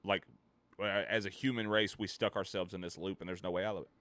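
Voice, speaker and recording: Deep-voiced and steady, this man talks at a quick pace in an echo-free recording. He's live streaming, ranting profanely and rambling as he loudly reacts to what chat says.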